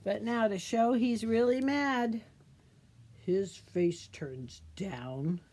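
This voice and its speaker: A middle-aged woman, a children's librarian, leading a storytime craft demo for kids, talking in a gentle, sing-song, teacherly way and asking the little ones questions. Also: medium pitch, expressive, drawn-out words.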